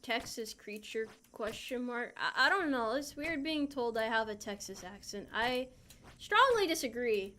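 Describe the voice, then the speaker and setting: A young female VTuber chats casually during a game stream, playfully reading and responding to chat. Her fairly high voice is expressive and sharp-toned, a little slow, with slight background noise.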